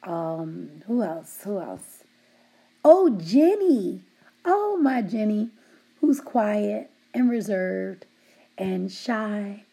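A middle-aged woman who supervises a work team, giving them affectionate shout-outs and teasing them while laughing often. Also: mid-range voice, expressive, very slow, creaky, slightly rough.

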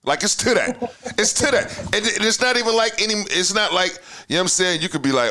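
A man hosting a podcast, talking heatedly in casual chat, swearing freely and swinging between loud outbursts and mutters. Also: high voice, lively intonation, fast talker. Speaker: podcast host.

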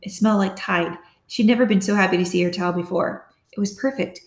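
A woman reading an audiobook as narrator, in a steady, close storytelling manner. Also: mid-range voice, fast talker. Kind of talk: scripted narration. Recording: roomy echo.

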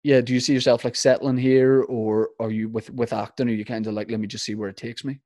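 A man's voice: medium pitch, level tone, fast talker, dark tone, dry recording, clean studio sound. A man with a Northern Irish accent hosting a casual interview, chatty and rambling with lots of fillers.

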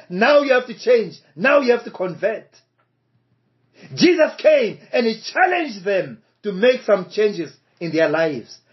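Male preacher, high animated voice, deliberate and repetitive, muffled lo-fi sound. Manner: slow, emphatic, repeats key phrases. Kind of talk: sermon. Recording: dull lo-fi recording.

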